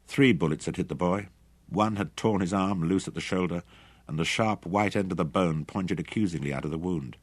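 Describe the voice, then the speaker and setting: A man narrating an adventure audiobook in a dramatic, expressive reading. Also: deep voice, moderate pace, slightly rough, dry recording. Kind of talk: scripted narration.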